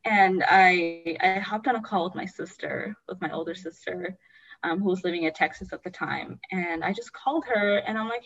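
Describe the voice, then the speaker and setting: Young woman telling a rough personal story, halting and earnest, lots of "like", sound a bit dull and lo-fi. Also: lowish voice, fairly bright tone. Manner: earnest, halting, many "like" fillers. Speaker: guest sharing her story.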